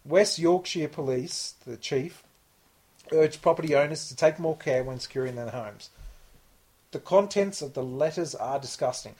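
A man's voice: fairly high pitch, moderate pace, a little mellow, husky. A man reads odd news stories aloud on a casual podcast. He keeps breaking into laughter and joking asides between the lines. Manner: jokey, laughs often while reading.

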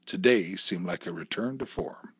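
A man narrating a story in a steady, descriptive way. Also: low voice, moderate pace, breathy edge, no echo, studio quality.

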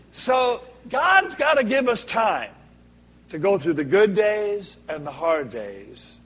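A man preaching a sermon as a guest speaker, swinging from booming to hushed for dramatic effect. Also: sing-song, takes it slowly, breathy edge. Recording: echoey hall, dull lo-fi sound.

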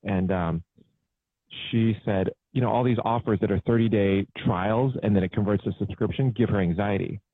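A low, husky male entrepreneur talks in a relaxed, matter-of-fact way. His voice comes through a dry, narrow, phone-like call recording. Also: normal speed, dry recording. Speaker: entrepreneur guest. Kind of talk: casual conversational interview.

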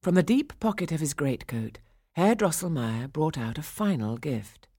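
A woman narrating a classic storybook with a low, deep voice. Her telling is expressive and measured, with a lively, rising and falling melody. The sound is dry and close to the mic. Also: breathy edge, no echo.

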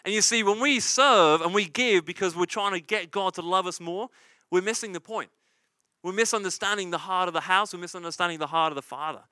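A man's voice: high voice, brisk, sharp tone, clean tone, dry recording. A man preaching a sermon as pastor, in a conversational style, often asking "right?" and repeating key lines for emphasis. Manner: conversational preaching with frequent "right?" and "you see".

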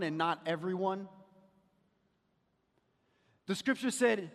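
A man preaching a sermon as a pastor, talking to the congregation in a conversational way and dropping to a quiet storytelling voice for anecdotes. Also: high-pitched, expressive, measured pace, big-room sound. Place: church sanctuary.

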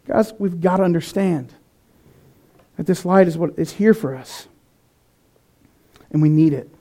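A man's voice: fairly high pitch, measured pace, long pauses, mellow. A man preaching a sermon in an earnest, conversational way, with some restarts. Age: adult, past eighteen.

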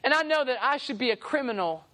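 A young woman delivers an evening sermon, weaving in stories and briefly acting out the people in them. Her voice sits fairly high, and she moves between quick asides and slower, emphatic lines. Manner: animated, acts out voices in stories. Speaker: preacher. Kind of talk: sermon with storytelling.

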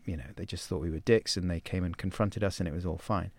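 A man's voice: deep voice, fast, vocal fry, no room sound. A man hosting a podcast, telling stories in a casual chat and acting out the quotes. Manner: animated storyteller, acts out quotes. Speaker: podcast host. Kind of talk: casual conversation.

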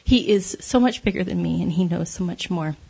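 A woman's voice: lowish voice, brisk, vocal fry, darkish tone, breathy edge. A woman giving a conversational devotional talk, candid and self-deprecating, laughing often as she speaks.

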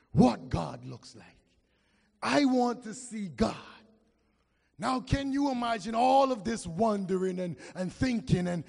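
A man preaching a sermon with impassioned, drawn-out delivery and call-and-response with the congregation. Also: high voice, very animated, vocal fry, a little mellow, husky. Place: church. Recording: long reverb of a church hall.

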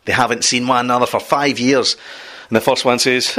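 A man's voice: medium pitch, steady tone, a little fast, bright, forceful tone. A man hosting a comedy chat show, telling jokes and interviewing comedians. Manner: jokey, tells short gags.

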